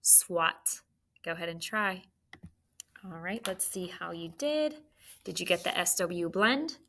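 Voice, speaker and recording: Slow, bright-voiced woman teaching spelling. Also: fairly low pitch, slight background noise. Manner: patient, clear, enunciates words slowly. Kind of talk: spelling lesson for children.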